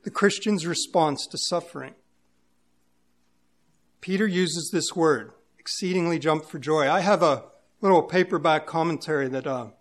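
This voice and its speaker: A man preaching a sermon, reading scripture and explaining it in an earnest, emphatic way. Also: sits high. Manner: earnest, emphatic, searching for words. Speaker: pastor.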